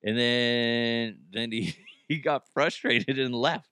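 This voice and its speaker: A man's voice: mid-range voice, takes it slowly, bright, forceful tone, clear, resonant tone, no echo, clean studio sound. A man hosting a podcast, rambling through a crude comedic monologue and laughing at his own jokes. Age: middle-aged. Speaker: podcast host.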